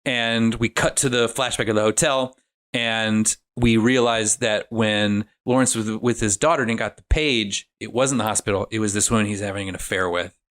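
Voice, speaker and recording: A man casually recapping a horror film's plot on a podcast, animated and profane, acting out the characters' lines. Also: lowish voice, normal speed. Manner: animated, profane retelling with acted-out quotes. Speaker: podcast host. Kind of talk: casual comedic film recap.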